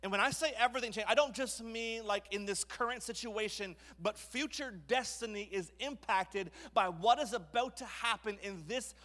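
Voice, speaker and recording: A man's voice: sits high, moderate pace, hardly any pauses, sharp tone, long reverb tail. A man preaching a playful sermon in a church, retelling a Bible story with jokes and acted-out scenes. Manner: playful, jokey, acts out scenes. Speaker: guest preacher. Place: church sanctuary.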